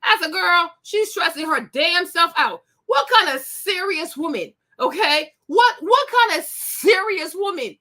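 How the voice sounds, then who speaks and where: A woman's voice: very high-pitched, expressive, a little slow, hardly any pauses, bright, forceful tone. A woman hosting a commentary show, ranting bluntly and scathingly with bursts of laughter. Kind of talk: opinionated commentary rant.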